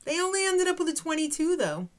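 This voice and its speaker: A woman's voice: very high voice, sing-song, fast talker. A young adult woman hosting a recap show in casual chat, joking and snarky, often laughing.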